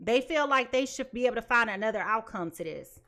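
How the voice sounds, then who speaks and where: A woman's voice: fairly high pitch, lively intonation, a little fast, bright, forceful tone. A woman giving a live tarot reading in a blunt, emphatic way, repeating her points. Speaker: tarot reader.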